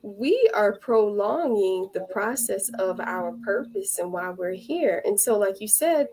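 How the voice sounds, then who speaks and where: A woman's voice: mid-range voice, lively intonation, unhurried, a little mellow, a little hiss or hum. A woman around forty, a podcast guest sharing her experiences in casual, earnest interview talk and acting out the voices in her stories. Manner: earnest storytelling, acts out quoted dialogue. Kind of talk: casual spiritual interview chat.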